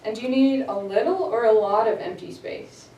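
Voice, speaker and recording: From far away, a camera picks up a woman teaching an English class in an echoey, noisy room, and the sound is lo-fi. Her voice is a little high with a dark tone at normal speed as she asks her students short questions and laughs often.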